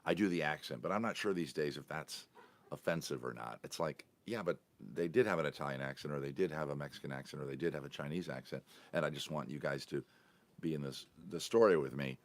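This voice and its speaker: A man's voice: very deep voice, quick pace. A man hosting his own podcast, telling a casual story in a chatty, rambling way and often correcting himself mid-sentence. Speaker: podcast host.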